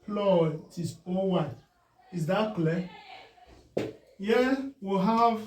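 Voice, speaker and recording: In a classroom phonics lesson, a man teaches spelling slowly and deliberately, repeating words and checking understanding. His voice sits high. The room is echoey, and he is heard from a distance.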